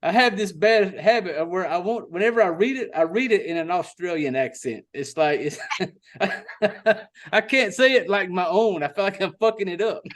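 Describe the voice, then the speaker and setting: Podcast host, man, high voice, cussing and rambling loosely. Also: lively intonation, normal speed. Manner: laid-back, profane, rambling with restarts. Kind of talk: casual podcast chat.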